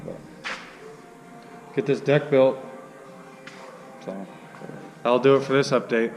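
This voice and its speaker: A man's voice: medium pitch, fairly even intonation, slow, long reverb tail, music in the background, low-quality recording. A man casually walking through his truck build in a workshop, talking loosely with lots of fillers and restarts. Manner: rambling, many fillers and restarts. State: hiccuping. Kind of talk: casual shop walkthrough.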